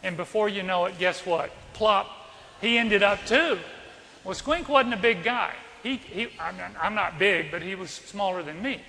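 A priest preaches to his congregation in a high, bright voice with vocal fry, telling a personal story and posing questions to listeners at a moderate pace. The church hall gives a long ring, with slight hiss or hum.

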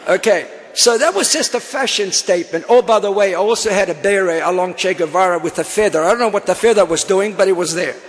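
An older man shares his personal testimony in an animated, storytelling way, dropping in humorous asides. His voice sits fairly high, and a long hall reverb trails behind each phrase. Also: fast, hardly any pauses. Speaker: speaker giving testimony. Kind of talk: personal testimony talk to an audience.

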